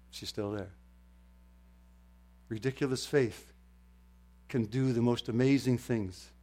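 An older man preaching a sermon, moving from quiet storytelling to loud, fervent exclamations. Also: medium pitch. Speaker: pastor.

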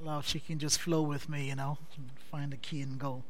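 A man's voice: a little high, flat delivery, a little hiss or hum. A man preaching a sermon as pastor, building through repeated refrains that rise in a preaching cadence. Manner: repetitive, rising preaching cadence; measured, soft-spoken scripture introduction.

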